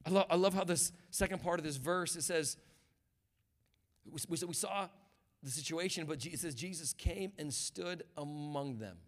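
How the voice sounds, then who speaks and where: Male guest pastor with a high voice, a fervent preaching style, and a conversational delivery. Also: normal speed. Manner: passionate preaching that builds to shouts; conversational, with repeated words and restarts. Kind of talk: sermon.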